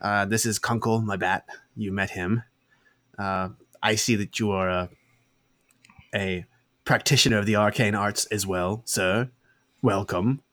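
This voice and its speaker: A man's voice: fairly low pitch, steady tone, a little slow, pauses often, fairly bright tone. A man voicing a scheming male gnome wizard who talks in a smarmy, sing-song way. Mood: courteous.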